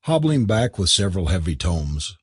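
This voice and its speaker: Man narrating an audiobook, husky, animated delivery, dry sound. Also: deep voice, normal speed, no room sound. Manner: expressive, theatrical reading.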